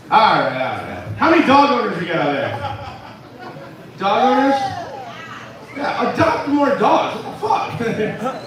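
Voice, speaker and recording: Man, stand-up comedian, high voice, deadpan dark humor, far-off mic in a live room. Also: heavy reverb. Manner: deadpan dark jokes with laughing asides. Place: comedy club stage with live crowd.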